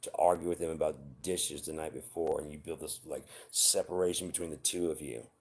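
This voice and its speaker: A very low-pitched man in his forties talks straight to his viewers about relationships. He is blunt and swears freely, but his advice comes across as earnest and heartfelt. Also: fairly even intonation, fairly quick, slightly rough. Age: 40s. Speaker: vlogger. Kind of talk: unscripted personal monologue.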